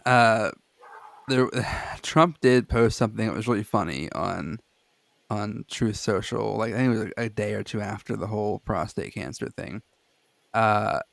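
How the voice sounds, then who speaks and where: A man's voice: lowish voice, creaky, no echo. A man co-hosting a podcast in casual chat, laid-back and full of "like" fillers, laughing easily. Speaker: podcast co-host.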